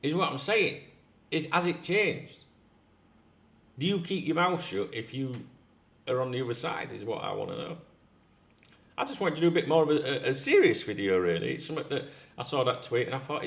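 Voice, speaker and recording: A man's voice: mid-range voice, huge pitch swings, a little fast, vocal fry, a bit bright. Rambling man ranting on a vlog. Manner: rambling, frequent restarts and swearing. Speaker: football channel host. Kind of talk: casual vlog rant.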